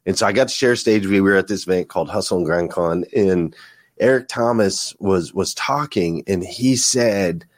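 A low-voiced man speaks earnestly as a podcast guest. His talk is reflective and casual, with words repeated as he gathers his thoughts. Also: normal speed, dry recording, studio quality. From United States. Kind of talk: casual conversation.

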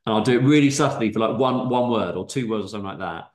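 A man's voice: on the low side, fast talker, reverberant. A man from England co-hosting a casual podcast chat, making dry quips and chuckling. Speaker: podcast co-host.

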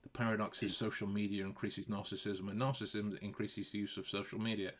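A man's voice: on the low side, flat delivery, brisk. A man hosting a casual podcast chat, often restarting and repeating words and breaking into laughs. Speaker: podcast host.

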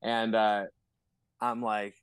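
A male musician, appearing as a guest on a podcast, chats loosely and rambles, stringing his thoughts together with endless fillers and heavy casual swearing. His low, smooth voice shows little pitch movement and moves at a slow pace. The recording is dry and close to the mic.

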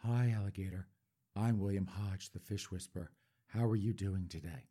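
A tipsy man whispering gently, as a comedian puts him on, low and hushed. The voice drops well below the comedian's own and stays quiet. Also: normal speed, husky.

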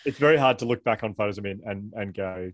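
Quick-paced and fairly low in pitch, with no echo, this middle-aged author guest spins candid personal stories. He wanders from point to point, pokes fun at himself and laughs a lot.

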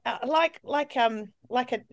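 A woman in her forties with an Australian accent softened by English tones, a podcast guest chatting candidly and mocking herself with frequent laughs. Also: fairly high pitch, a little slow, vocal fry, no room sound, studio quality. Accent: Australian with an English tinge. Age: 40s. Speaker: guest, comedian. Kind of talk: casual podcast chat.

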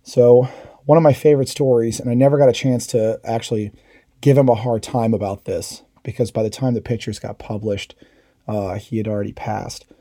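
A man's voice: mid-range voice, fairly even intonation, brisk, mellow, dry recording, studio quality. A middle-aged man, a veteran hosting a podcast, telling war stories in a casual, candid way and swearing freely. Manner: candid, swears freely, quotes comrades in raised voices. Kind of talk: casual storytelling.

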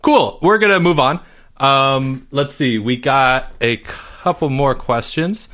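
A man's voice: medium pitch, slow, a bit bright. A man hosting a casual listener Q&A, friendly and easily amused, keeping things moving. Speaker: podcast host. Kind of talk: casual chat.

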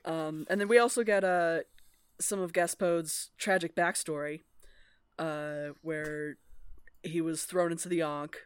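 A woman's voice: deep voice, fairly even intonation, unhurried, smooth. A woman co-hosting a podcast, talking in a casual, rambling way about a book, laughing often and swearing freely. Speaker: podcast co-host. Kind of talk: casual book club chat.

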